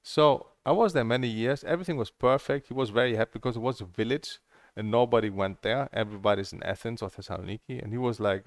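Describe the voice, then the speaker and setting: A middle-aged man with a gravelly, rough edge to his voice talks through his stories and plans in a loose, candid ramble. He swears freely and speaks as a table tennis coach addressing his viewers. The sound is close and dry, with no room around it. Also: medium pitch, fast talker, dry recording. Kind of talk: casual rambling monologue.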